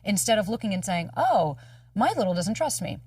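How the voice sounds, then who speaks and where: A woman in her thirties talks candidly as a dating coach, fast and emphatic, acting out the voices of people she quotes. Her voice sits a little low and sounds husky. The recording is dry and a little off-mic. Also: very animated, a little mellow, no room sound, far from the mic. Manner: fast, emphatic, swears freely, acts out quoted dialogue. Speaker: dating coach, podcast guest.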